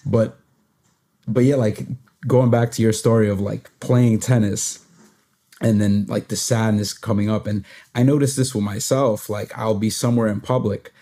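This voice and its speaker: A young man in a podcast conversation with a deep, mellow voice. He shares personal experiences hesitantly, pausing and restarting often. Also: steady tone. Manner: hesitant, many fillers and restarts. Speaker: podcast host. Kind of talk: reflective conversational sharing.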